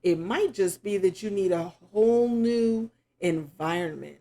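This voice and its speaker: A middle-aged woman talks through a tarot reading at an unhurried, drawn-out pace. Her voice is dark and mellow. She muses aloud and now and then breaks off with sudden exclamations. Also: medium pitch. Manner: slow, reflective, musing aloud with sudden exclamations. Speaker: tarot reader. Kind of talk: spoken tarot reading to camera.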